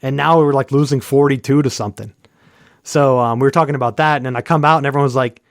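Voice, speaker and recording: A man's voice: fairly high pitch, fast, no room sound, clean studio sound. A man in his thirties co-hosting a casual sports chat, rambling through a story with lots of "like" and acting out the people in it. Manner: heavy use of "like" and fillers. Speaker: podcast co-host.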